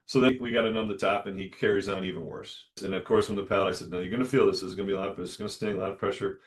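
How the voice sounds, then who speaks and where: Lower-voiced man telling a lively story. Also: racing. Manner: animated, acts out dialogue in lively voices. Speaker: dentist podcast host. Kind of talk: solo storytelling monologue.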